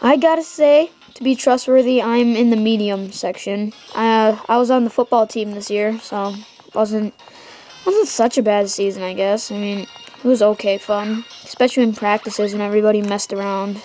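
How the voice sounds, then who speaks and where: A teenage girl hosting gameplay commentary from home, rambling excitedly and trash-talking the game. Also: mid-range voice, moderate pace, soft background music. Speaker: let's play host.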